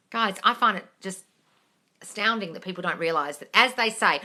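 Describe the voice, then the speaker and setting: With a mid-range voice, she talks a little slowly and pauses often. She's hosting a live Q&A in casual chat, blunt and profane, calling viewers "darling" as she moves between soft coaxing and squeals of excitement.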